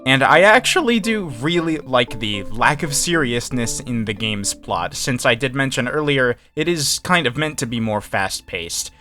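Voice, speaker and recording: A man's voice: medium pitch, lively intonation, unhurried, few pauses, bright, forceful tone, soft background music. A man giving a candid, opinionated game review in casual commentary, often hedging his points.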